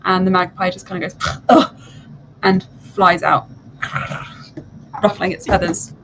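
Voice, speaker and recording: A woman narrating a tabletop game as game master, in a lively, playful way. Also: lowish voice, moderate pace, gravelly, background noise.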